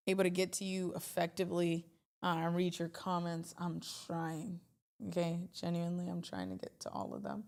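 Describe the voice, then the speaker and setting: A woman hosting a casual trading livestream, chatty and animated, talking straight to her chat. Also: mid-range voice.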